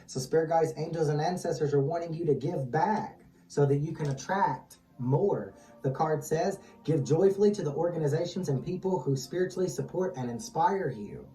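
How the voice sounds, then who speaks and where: Mellow, echoey tarot reader. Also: medium pitch, moderate pace, few pauses. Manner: steady and calm, invokes guides in a repeated chant-like way. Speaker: tarot reader, channel host. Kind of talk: tarot reading, casual chat. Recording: echoey distant mic with music underneath.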